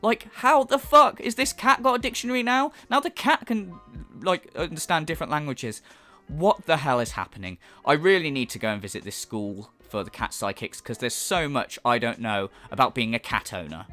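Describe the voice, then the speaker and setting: A man's voice: on the high side, expressive, moderate pace, pushed and bright, faint music behind. A British man giving a sweary, mocking reaction commentary on a video. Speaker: YouTube commentator.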